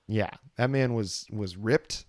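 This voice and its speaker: A man's voice: fairly low pitch, takes it slowly, dry recording, clean studio sound. A man co-hosting a casual music podcast, talking in a laid-back, rambling way. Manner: laid-back, rambling, many fillers and restarts. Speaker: podcast co-host. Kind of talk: casual album review chat.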